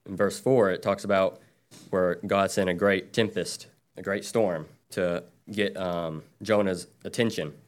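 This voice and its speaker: A man's voice: sits low, fairly even intonation, unhurried. A man giving a short Bible message, reading scripture in a plain, hesitant way. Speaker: lay preacher.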